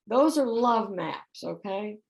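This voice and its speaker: A woman's voice: mid-range voice, animated, takes it slowly, vocal fry, a little mellow, lo-fi sound. A middle-aged woman giving a conversational talk about relationships, often putting questions to her audience. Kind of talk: spiritual center talk.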